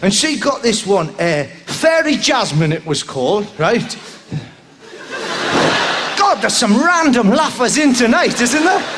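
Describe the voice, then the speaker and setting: A man doing a live stand-up routine, rambling and tagging lines with "right?", breaking into sudden shouts. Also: very high voice, very animated, unhurried. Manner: bursts into shouts. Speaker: stand-up comedian. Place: live comedy venue with audience. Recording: live show with crowd noise.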